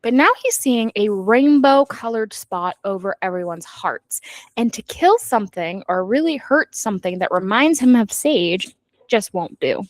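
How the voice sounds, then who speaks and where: A woman's voice: mid-range voice, unhurried, dry recording. A woman co-hosting a book club podcast, recapping a novel in casual chat and acting out the characters' lines. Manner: animated recap that acts out characters' quotes.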